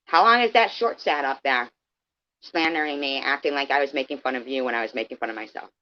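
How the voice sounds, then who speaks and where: A woman's voice: extremely low pitch, quick pace, lo-fi sound. A woman in her fifties ranting on a livestream, sarcastic and combative, calling out viewers by name. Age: 50s. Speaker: live streamer. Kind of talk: confrontational livestream rant.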